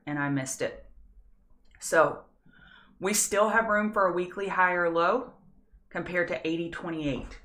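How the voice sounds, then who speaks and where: A woman's voice: on the low side, a bit bright. A woman hosting a live trading stream, chatty and self-deprecating with scattered asides. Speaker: trading show host. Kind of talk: live market analysis stream.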